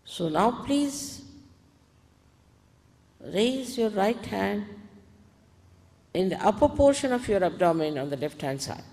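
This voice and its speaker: A woman spiritual teacher giving calm, deliberate guided meditation instructions to an audience, in an archival recording. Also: mid-range voice. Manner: calm, deliberate, gently commanding. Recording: archival talk in a reverberant hall.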